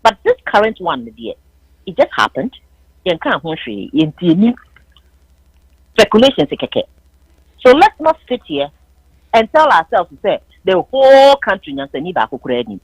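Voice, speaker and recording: A husky Ghanaian woman argues her point on a political call-in show, her voice high and swinging widely up and down as she mixes English with Twi. The sound is dry and close. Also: big pitch swings, normal speed, pauses often, no echo, low-quality recording. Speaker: caller on a political talk show. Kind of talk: heated political call-in debate.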